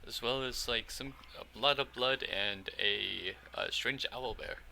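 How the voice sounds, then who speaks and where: Male player, gravelly and sharp, light hiss behind, relaxed game chatter. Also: medium pitch, measured pace. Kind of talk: casual tabletop game talk.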